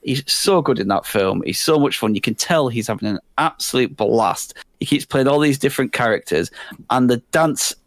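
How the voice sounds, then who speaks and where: A man's voice: mid-range voice, lively intonation, normal speed, no echo. A man on a live podcast stage, praising with emphatic enthusiasm. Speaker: podcast co-host presenting an award.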